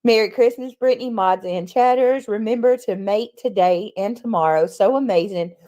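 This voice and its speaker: A middle-aged woman hosting a casual livestream, chatting warmly with viewers, greeting them by name, often clearing her throat. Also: medium pitch, normal speed. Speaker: livestream host.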